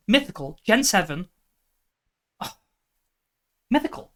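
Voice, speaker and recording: Woman streamer, lowish voice, muttering guesses aloud, sudden exasperated outbursts. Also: unhurried. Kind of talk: live stream chat while gaming.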